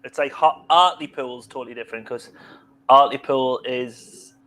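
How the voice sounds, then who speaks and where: A man with a Sunderland accent, talking in a mid-pitched voice. He chats casually as a guest and keeps demonstrating how people back home pronounce words. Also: steady tone, moderate pace, a bit bright. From North East England. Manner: chatty, demonstrating local pronunciations. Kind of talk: casual chat.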